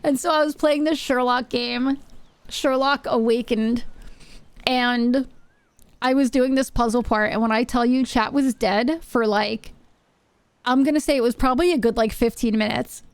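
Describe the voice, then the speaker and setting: A woman's voice: fairly high pitch, normal speed, clean tone, no room sound. A woman live-streaming from her home setup, chatting casually with her viewers in a rambling way and often repeating her phrases. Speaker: Twitch streamer.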